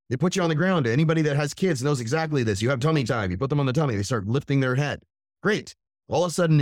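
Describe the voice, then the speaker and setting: A man's voice: mid-range voice, a little mellow, no echo, studio quality. Blunt, profane motivational man. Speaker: podcast host. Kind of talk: motivational monologue.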